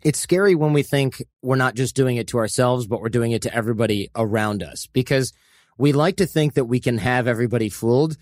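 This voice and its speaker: A man's voice: medium pitch, brisk, dry recording, studio quality. A man hosting a podcast, thinking aloud in casual conversation. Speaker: podcast host.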